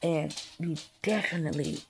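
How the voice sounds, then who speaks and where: Speaking directly to her audience at a normal pace, a woman vlogger with a low-pitched voice gives a defiant, profane spiritual monologue, driving each point home emphatically. Background noise is present.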